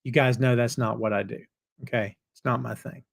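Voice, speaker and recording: This gravelly, mid-range male voice moves fairly quickly. It belongs to a middle-aged host of a live wrestling talk show who jokes around in a folksy, animated manner with his viewers and chat.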